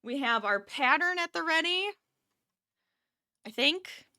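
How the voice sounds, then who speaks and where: Woman, casual streamer, tired but chatty, laughs easily, crisp bright tone. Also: sits high, animated, slow, dry recording, studio quality. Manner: chatty, laughs often, reads chat aloud. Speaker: crochet streamer. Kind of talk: casual live-stream chat. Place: home office.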